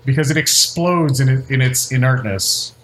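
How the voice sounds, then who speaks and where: A man's voice: medium pitch, moderate pace, very noisy. A man narrating as game master of a tabletop game, in a loose, joking way full of fillers and laughs.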